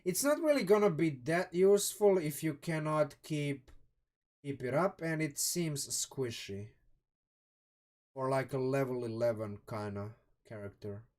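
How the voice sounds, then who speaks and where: A man's voice: fairly high pitch, unhurried, darkish tone. Chatty Croatian man on a live stream. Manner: thinking aloud, many restarts and "um"s, chatty asides to viewers. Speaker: streamer reviewing a game sourcebook. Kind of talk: live-stream casual commentary.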